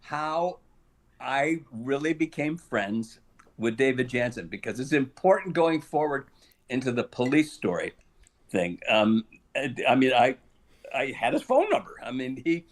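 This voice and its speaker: A man's voice: medium pitch, a little slow. An older man, a guest actor on an interview show, telling a long anecdote with frequent chuckles and acted-out lines. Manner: animated storyteller, chuckles often, acts out quoted lines.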